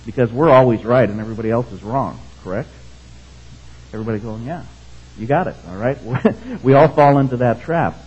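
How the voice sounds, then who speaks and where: A male preacher delivers a sermon with a slightly husky, breathy voice. He reads scripture and keeps asking his congregation "right?". The recording sounds dull and muffled. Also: mid-range voice, brisk, darkish tone. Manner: conversational, keeps checking in with the congregation.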